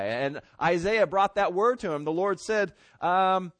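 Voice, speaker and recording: A man's voice: sits high, unhurried, hardly any pauses, fairly bright tone, no echo. A man, preaching a sermon in a folksy, conversational way full of homespun comparisons. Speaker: pastor.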